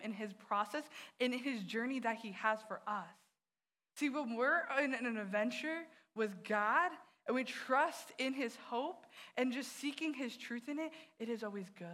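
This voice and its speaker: A woman's voice: on the high side, a bit bright. A woman youth director giving an earnest sermon, telling personal stories and speaking straight to the listeners.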